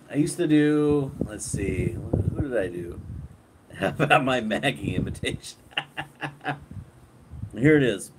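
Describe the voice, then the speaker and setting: Unhurried man chatting on a live stream. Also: lowish voice. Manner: relaxed, reads viewer comments aloud, laughs often. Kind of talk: casual live stream chat. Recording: clear background noise.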